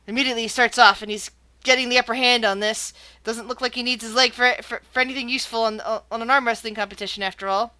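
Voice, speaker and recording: A woman leads a tabletop game with a bright, forceful voice a touch above average pitch, heard close and dry. She narrates the action with energy and stumbles over her words as she restarts her sentences. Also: steady tone, fast, no room sound. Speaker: game master.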